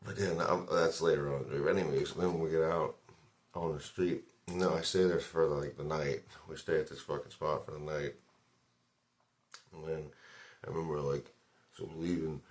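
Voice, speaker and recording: A man's voice: extremely low pitch, little pitch movement, moderate pace. A man vlogger telling a long story in a loose, rambling way, swearing often and filling gaps with "like" and "dude". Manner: rambling, profane, loose retelling full of fillers. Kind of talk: casual storytelling.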